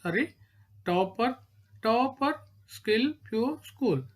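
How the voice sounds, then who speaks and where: A woman's voice: fairly high pitch, lively intonation, slow. A woman with an Indian English accent teaching a grammar lesson, saying each word over and checking in with "right?" and "okay".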